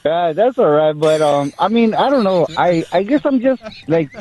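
A man's voice: sits high, expressive, moderate pace, darkish tone. A man calling into a radio show, rambling hesitantly about how emotional he gets. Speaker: caller. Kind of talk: phone call on air. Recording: dull, dry phone line.

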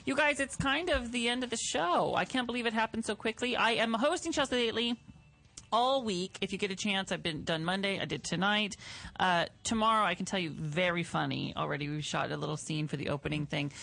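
A man co-hosting a podcast, giving casual relationship advice in an animated, playful way. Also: high voice, a little fast, vocal fry.

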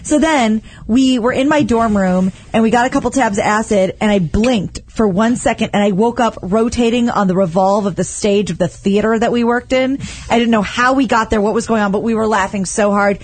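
A woman's voice: a little high, brisk, hardly any pauses, breathy edge. A young adult woman hosting a casual late-night radio talk show, telling stories bluntly with lots of laughter. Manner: giggly, blunt and animated storyteller. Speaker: host.

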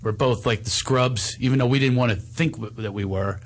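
A man's voice: mid-range voice, a little fast. A middle-aged man hosting a radio show, teasing his co-hosts in casual banter and reading an ad. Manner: teasing, joking, animated.

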